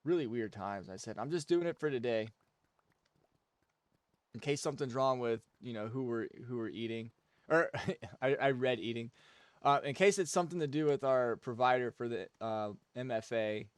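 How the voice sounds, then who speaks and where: A young man with a mid-range voice talks at normal speed on a casual game stream, ranting and swearing about his job. His tone is clean, with no echo.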